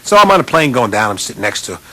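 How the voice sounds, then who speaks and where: A man with a husky, slightly breathy voice tells a funny story from his coaching days. His pitch sits in the middle of the male range, then leaps high whenever he imitates someone else. The delivery is animated and self-mocking. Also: rapid-fire. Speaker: college basketball coach. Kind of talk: humorous storytelling speech.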